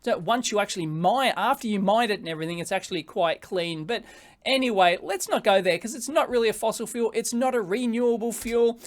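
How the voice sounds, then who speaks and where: An Australian man giving an animated classroom presentation to high school students, joking and going off on tangents. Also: fairly quick. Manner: animated, jokey, prone to tangents.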